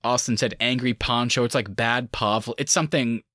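A man co-hosting a podcast, chatting loosely with plenty of fillers and easy laughter. His voice is bright and forward, recorded close and dry with no room sound. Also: mid-range voice, fairly even intonation, brisk, no room sound. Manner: laid-back, frequent fillers and laughter. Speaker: podcast co-host. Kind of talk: casual chat.

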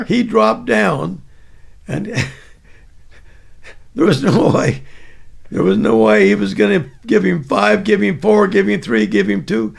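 A man's voice: high-pitched, lively intonation, measured pace, gravelly, pauses often, breathy edge. An older man casually telling a rambling, chuckling anecdote from his army days. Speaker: veteran storyteller.

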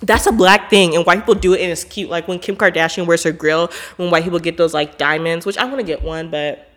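A woman's voice: on the low side, quick pace. A woman hosting a podcast in a casual monologue, blunt, emphatic and profane, filling her talk with "like". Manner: animated, with frequent "like" fillers. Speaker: podcast host.

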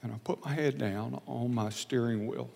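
A man preaching a sermon, telling a personal story in an earnest, confessional way, often halting and repeating words. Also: mid-range voice, fairly even intonation, creaky, darkish tone, big-room sound.

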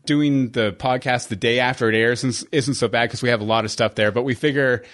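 A man's voice: medium pitch, steady tone, a little fast, a bit bright. A man co-hosting a casual podcast, rambling through plans with frequent fillers and easy laughter. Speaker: podcast host.

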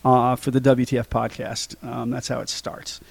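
Gravelly man rambling through a film recap. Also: mid-range voice, monotone, moderate pace, no room sound. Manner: rambling, many ums and restarts. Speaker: podcast co-host recapping a film. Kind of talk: casual chat.

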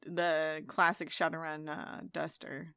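A woman playing a tabletop game, giggly and animated as she chats. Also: sits low, takes it slowly, clear, resonant tone, dry recording. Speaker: player. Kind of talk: casual tabletop play.

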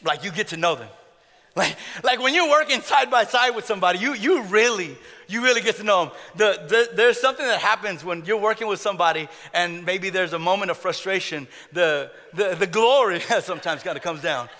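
Bright-voiced guy preaching, cracks jokes, stumbles over words, lots of reverb. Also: high voice, lively intonation, fairly quick. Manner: jokey, often repeats words, laughs at own jokes. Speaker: pastor. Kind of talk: sermon.

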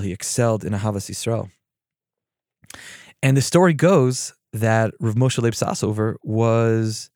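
A man who is a therapist and podcast host, telling a story and reflecting on spiritual practice in a measured, thoughtful way. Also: fairly low pitch, darkish tone, no room sound, clean studio sound.

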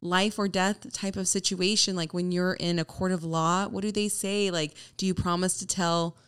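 A woman's voice: on the low side, flat delivery, moderate pace, fairly bright tone, clean tone. A woman co-hosting a casual podcast chat, earnest and arguing her point with many "like" fillers. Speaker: podcast co-host.

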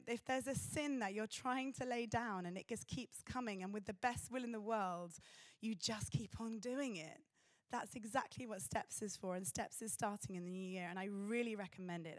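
A woman preaching a sermon in an earnest, pausing way. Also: mid-range voice, no echo, studio quality.

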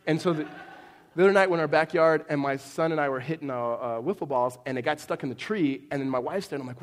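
A man's voice: on the high side, quick pace. A middle-aged man preaching a sermon in a casual, conversational way, telling jokey stories and checking in with "right?" asides. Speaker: pastor. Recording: long hall reverb.

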